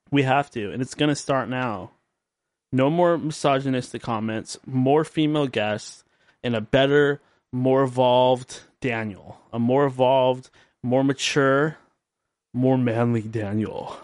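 In a late-night radio-style monologue on his own podcast, a drowsy, tired man rambles and cracks self-mocking jokes. He has a mid-range voice with a darkish tone, and there is no echo.

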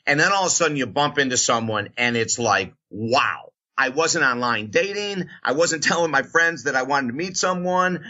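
A man's voice: mid-range voice, lively intonation, moderate pace, few pauses, bright, forceful tone, highs cut off. A man, a radio host and motivational speaker, telling a career story in an interview and acting out the voices of the people in it.

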